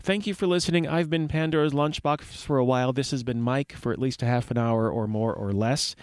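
Male radio host in a dry, close studio sound, mid-pitched, jokey and rambling on local news. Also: brisk, clear, resonant tone, no echo. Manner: wry, rambling asides and puns.

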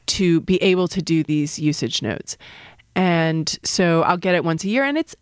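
A woman's voice: on the low side, no room sound, clean studio sound. A middle-aged woman, a linguist, answering interview questions in a thoughtful, explanatory way, sometimes restarting her sentences. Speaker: linguist, usage panel member.

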